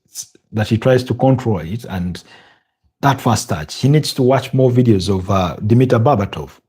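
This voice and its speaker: A man's voice: mid-range voice, moderate pace, dark tone, husky. A tired man from Uganda doing a live football watch-along, thinking aloud with hesitations and repeated words. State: tired, yawning. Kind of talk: live match commentary and chat.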